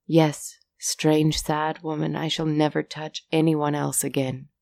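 A woman voicing a lovesick young prince in a storybook tale, pleading in an earnest, hushed way. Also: sits low, little pitch movement, slow pace, creaky, dry recording, full character voice.

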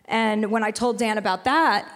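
A woman in her forties tells stories frankly, with a good deal of profanity. Her voice sits a little high, and a long reverb from a large hall trails after her words. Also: moderate pace. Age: 40s. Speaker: author guest on stage. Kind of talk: candid live conversation.

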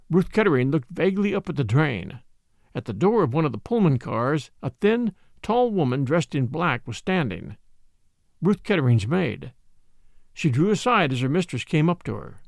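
A man giving scripted, expressive narration of a mystery novel as an audiobook reader. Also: on the high side, vocal fry, dry recording, studio quality. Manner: expressive, measured storytelling.

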